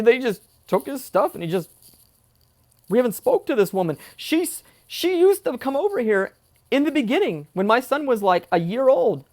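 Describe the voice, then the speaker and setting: Seated in a chair at home with headphones on and a close mic, a male vlogger delivers an agitated family story, indignant and heated. He fires off rhetorical questions, stumbles into repeats and swears throughout, his voice sitting high and a little mellow.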